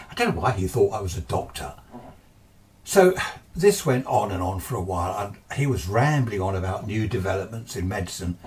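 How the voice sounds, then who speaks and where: Man, low voice, casual ghost-story storyteller, hesitant with restarts, slightly distant mic. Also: a little mellow. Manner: hesitant, with frequent restarts and asides. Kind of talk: casual spoken recollection.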